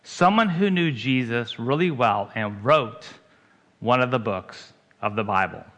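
A man's voice: mid-range voice, a little slow, a bit bright, muffled recording. A man, a pastor, preaching a sermon in a conversational way, asking his congregation questions.

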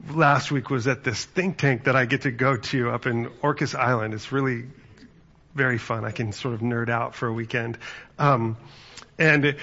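The speaker is a pastor whose medium-pitched, bright voice carries a forceful tone through lo-fi audio. His sermon is conversational, built on stories with acted-out quotes.

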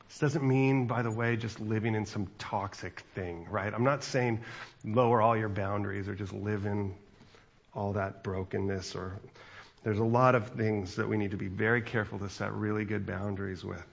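A man's voice: on the low side, fairly even intonation, normal speed, creaky, dull audio. A man in his forties, a pastor, giving a chatty sermon with asides to the congregation.

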